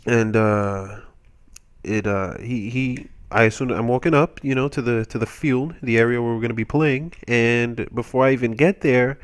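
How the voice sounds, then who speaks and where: A man's voice: mid-range voice, steady tone, moderate pace, clear, resonant tone. A young man commentating over gameplay, telling a rambling, self-mocking comic story with playful exaggeration.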